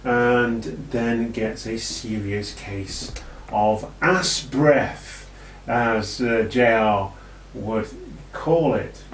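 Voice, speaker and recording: A British man chats through a wrestling recap in a loose, jokey ramble. He speaks slowly and sits back from the mic. His voice carries a roomy echo. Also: mid-range voice, slight background noise. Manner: rambling and jokey, with many ums. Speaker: wrestling show reviewer. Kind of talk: casual video review. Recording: echoey room, distant from the mic.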